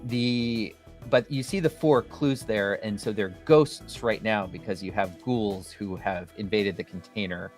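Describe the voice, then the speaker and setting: A man's voice: lowish voice, unhurried, soft background music. A man co-hosting a livestream, talking casually in a playful, rambling way. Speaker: co-host of a developer livestream.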